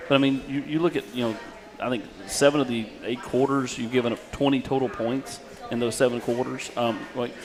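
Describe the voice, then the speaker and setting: A man co-hosting a live sports talk show, asking quick, probing questions. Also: mid-range voice, fairly even intonation. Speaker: co-host. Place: busy restaurant with crowd chatter. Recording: live event with crowd noise.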